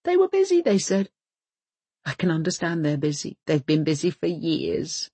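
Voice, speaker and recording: A woman's voice: low voice, huge pitch swings, moderate pace, mellow, breathy edge, no echo, heavily acted. A woman reading an audiobook voices a prim, fussy older wife who speaks in precise, insistent, formal phrases. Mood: hurt.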